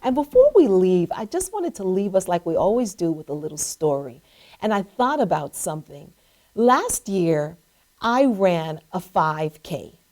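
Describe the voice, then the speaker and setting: A woman's voice: on the low side, measured pace. A middle-aged woman hosting a show, telling an inspirational personal story and acting out the voices of the people in it. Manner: animated, acts out voices in her story. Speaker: host.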